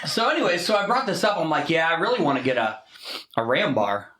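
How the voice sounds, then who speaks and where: Animated, profane man telling stories. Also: on the high side, fast talker, roomy sound, background noise. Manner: profane, animated storytelling with laughs. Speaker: podcast co-host. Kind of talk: casual chat.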